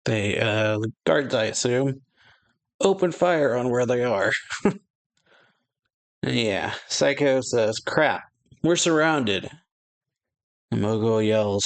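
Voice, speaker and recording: A man casually reading a manga chapter aloud and retelling its dialogue, with lots of "yeah" and "uh" and quick exclamations. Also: mid-range voice. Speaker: anime reaction channel host. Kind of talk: casual manga read-along with reactions.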